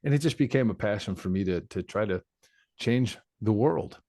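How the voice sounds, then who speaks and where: Male podcast guest, 40s, deep-ish and dry, frank and reflective. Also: lively intonation, moderate pace, warm tone, no echo. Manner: candid, reflective storyteller. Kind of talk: personal life story in conversation.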